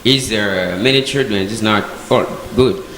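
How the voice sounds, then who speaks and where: A man in a discussion group speaking hesitantly, pausing to search for words. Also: on the low side, fairly bright tone. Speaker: debate participant. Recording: echoey hall with faint background noise.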